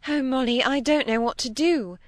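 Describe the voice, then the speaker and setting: A woman's voice: high-pitched, normal speed, no echo, clean studio sound, pitched above the performer's own voice, lightly acted. Woman playing a distraught pleading young woman. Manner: pleading, emotional.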